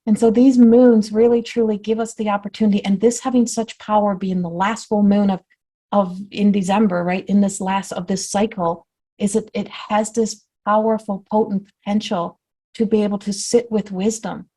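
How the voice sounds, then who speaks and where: A woman spiritual teacher giving a flowing talk before a guided meditation, repeating and rephrasing, often dropping to a soft hush. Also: mid-range voice, slightly rough. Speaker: spiritual teacher and oracle card reader.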